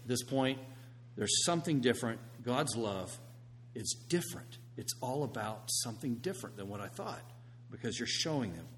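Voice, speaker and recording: A man preaching a sermon, swinging from hushed, quiet passages to loud, emphatic ones. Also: medium pitch, expressive, moderate pace, a little hiss or hum. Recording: long reverb of a large hall.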